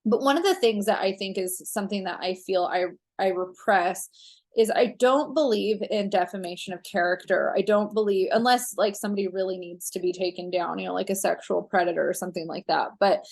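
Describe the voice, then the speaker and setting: A woman astrologer talking through a monthly horoscope in a casual, rambling way with frequent fillers. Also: medium pitch.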